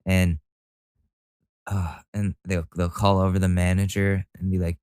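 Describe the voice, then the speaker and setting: Male podcast host from Connecticut, casual profane rant, low resonant voice, dry booth sound. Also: measured pace, pauses often, clean tone, no echo. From Connecticut, USA. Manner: loose, profane, animated ranting with filler restarts. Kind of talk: casual ranting commentary.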